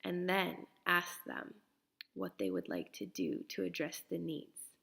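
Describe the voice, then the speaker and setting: A middle-aged woman, a parenting coach, talking earnestly to parents and dropping now and then into soft whispers. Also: on the low side, very animated, a little slow, vocal fry. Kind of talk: casual talk to parents.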